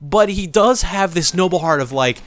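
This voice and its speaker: Lively man rambling over a game. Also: high-pitched, moderate pace. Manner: rambling storytelling with fillers and swearing at the game. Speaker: let's play commentator. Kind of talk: casual gameplay commentary.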